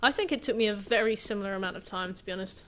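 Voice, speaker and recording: A woman's voice: mid-range voice, very fast, sharp tone, slight background noise. A woman game streamer giving casual, rambling gameplay commentary and swearing now and then.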